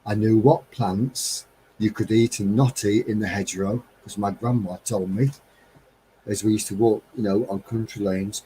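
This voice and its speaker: A man's voice: lowish voice, fairly even intonation, moderate pace, mellow, slight background noise, rough recording. A man hosting a casual live stream chat, rambling cheerfully, laughing and breaking into snatches of song. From England.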